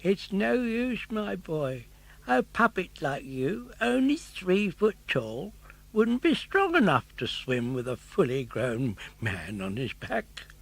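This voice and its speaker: A man's voice: high-pitched, sing-song, vocal fry, a bit bright, no room sound, pitched above the performer's own voice, exaggerated voice. An older actor voicing a frail, weary old woodcarver father in an audiobook. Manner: quavering, sad and slow.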